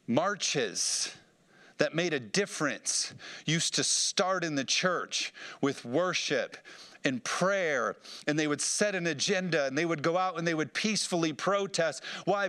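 Fired-up preacher man, fairly high voice. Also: a bit bright. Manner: fired-up preaching with call-and-response. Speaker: pastor. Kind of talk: sermon.

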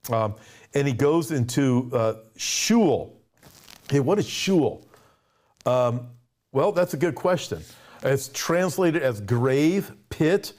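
A man preaching a conversational sermon, animated and acting out little quoted exchanges. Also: mid-range voice. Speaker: pastor.

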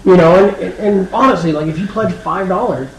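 High-voiced, exasperated podcast co-host. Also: male voice, fairly quick. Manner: exasperated, ranting, animated. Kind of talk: casual podcast chat. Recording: echoey room, faint noise.

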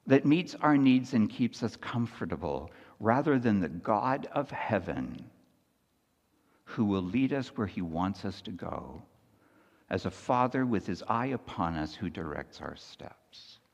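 A man's voice: fairly low pitch, a little slow. Man preaching in a reverberant hall. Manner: conversational preaching, frequent "Right?" asides; swings from soft hushed lines to loud animated storytelling. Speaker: pastor. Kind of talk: sermon.

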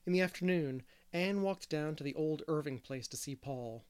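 A man's voice: on the high side, normal speed, a little mellow, smooth. A man narrating a classic novel aloud as an audiobook reader, with candid, self-deprecating asides.

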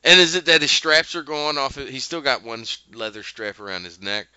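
A man recaps a show in a loose, animated way, with many fillers and asides. His voice is bright and smooth, and his pitch moves a lot at an unhurried pace. The sound is dry and a little dull. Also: dry recording. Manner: animated storytelling, full of fillers.

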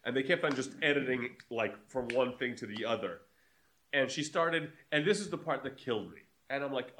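A man's voice: medium pitch, animated, brisk, fairly bright tone. A man co-hosting a casual podcast, telling a story with lots of swearing and laughter. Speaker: podcast co-host. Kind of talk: casual chat.

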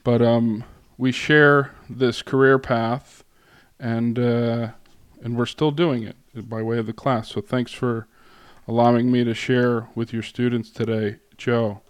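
A man speaking as a guest lecturer to a class, in a relaxed way with many fillers, pauses and restarts. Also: mid-range voice, clean tone, no room sound. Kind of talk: casual classroom talk.

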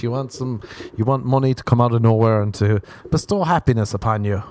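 A man's voice: medium pitch, fairly quick, dark tone. A young man hosting a solo comedy podcast, rambling through crude jokes and chuckling at his own lines. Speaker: podcast host.

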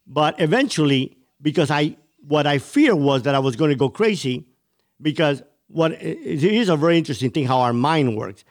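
A man's voice: fairly high pitch, expressive, moderate pace. A man from Cuba telling his life story as an interview guest, intense and vivid.

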